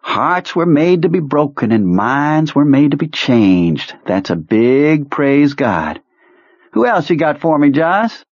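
A man's voice: a little high, very animated, slow, no room sound, muffled recording, pitched above the performer's own voice, heavily acted. A man putting on a jovial, sinister commander. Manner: breezy, jovial, quietly sinister. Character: cheerful menacing male military commander.

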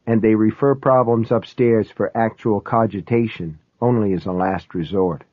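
A man reading a first-person novel aloud in a wry, measured way. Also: mid-range voice, no room sound. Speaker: audiobook narrator. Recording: tinny, phone-like, dry.

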